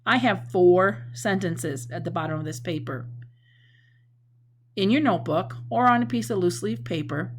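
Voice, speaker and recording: A woman's voice: on the low side, a little hiss or hum. A woman teacher giving a recorded lesson, explaining patiently and acting out example sentences with feeling.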